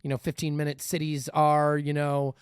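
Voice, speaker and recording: A man hosting a podcast in casual chat, animated and rambling with many restarts. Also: on the high side, normal speed, clean tone, dry recording, clean studio sound. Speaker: podcast host.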